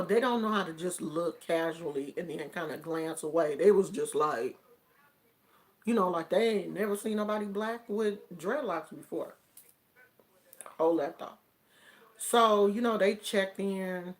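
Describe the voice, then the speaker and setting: An American woman talks her way through a personal story at an unhurried pace. Her voice sits a little low, and her talk is plain and colloquial, with plenty of fillers and restarts along the way. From United States. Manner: slow, drawn-out and colloquial, with many fillers. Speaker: vlogger telling a personal story. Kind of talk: casual storytelling.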